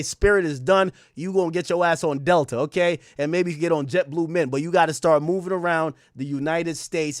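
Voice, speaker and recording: Brief: young male stream host, high voice, dry close sound, joking and profane. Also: dry recording. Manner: loose, profane, joking, shouts out chat. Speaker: livestream host. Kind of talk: casual livestream commentary.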